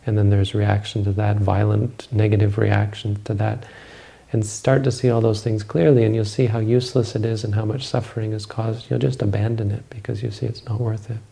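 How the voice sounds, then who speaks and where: Male meditation teacher, husky and mellow, flat and even delivery. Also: fairly low pitch. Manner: calm, measured, explanatory. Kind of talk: answering questions in a talk.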